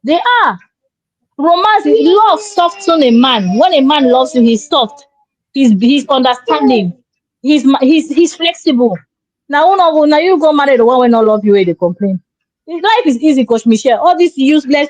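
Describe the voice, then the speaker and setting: A woman's voice: high voice, animated, moderate pace, no echo. A woman, co-hosting a relationship show and giving emphatic, preachy advice. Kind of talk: opinionated advice talk. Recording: dull lo-fi sound.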